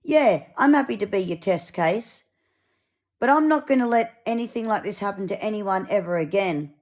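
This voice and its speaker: A woman's voice: mid-range voice, lively intonation, moderate pace, darkish tone. Furious swearing woman. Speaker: vlogger. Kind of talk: angry rant to camera.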